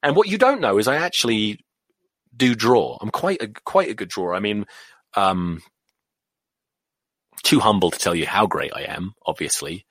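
A man's voice: on the low side, animated, normal speed, long pauses, fairly bright tone, slightly rough, no room sound. A middle-aged English man with a drifted accent, hosting a solo podcast, rambling and swearing while feeling queasy. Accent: English, drifted toward American. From England. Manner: sweary, rambling, self-mocking. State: nauseous, queasy. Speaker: podcast host.

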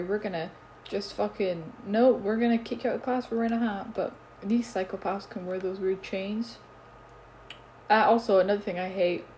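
Teenage girl, solo podcast rant, blunt and exasperated, swears a lot, mid-pitched voice. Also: a little mellow, a little hiss or hum. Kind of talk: casual ranting monologue.

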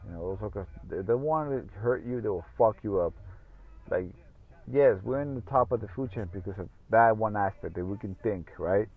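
A podcast host talks on his own in a casual, rambling way, swearing freely and using lots of fillers. His voice is fairly low and moderately paced, and the audio sounds tinny, like a phone.

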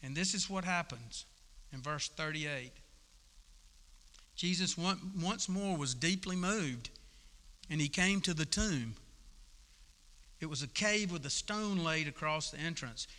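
A man preaching to his congregation in a relaxed, folksy sermon, his voice bright and somewhat high for a man. He talks like he's chatting with friends, tossing in casual asides. The sound carries with a long echo through a church hall. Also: measured pace, pauses often. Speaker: pastor. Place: church sanctuary.

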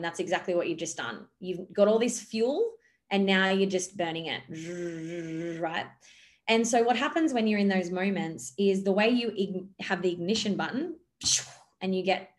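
Woman coaching in a loose, filler-heavy flow. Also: mid-range voice. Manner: animated, gestures while talking, many fillers. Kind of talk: podcast monologue.

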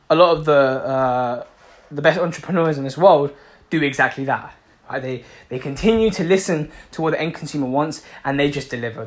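A man giving a passionate motivational talk, repeating himself for emphasis and swearing freely. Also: fairly high pitch. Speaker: motivational speaker.

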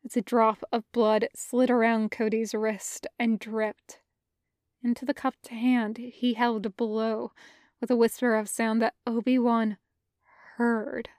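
A woman narrating a fan fiction audiobook with a measured, careful reading. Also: on the high side, level tone, a little mellow, no room sound, clean studio sound. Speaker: podfic reader.

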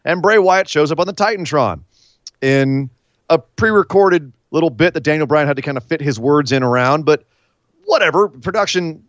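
A man co-hosting a casual chat, retelling events blow by blow in an animated way. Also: on the high side, moderate pace, dry recording, dull audio. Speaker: podcast co-host. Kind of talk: casual wrestling recap chat.

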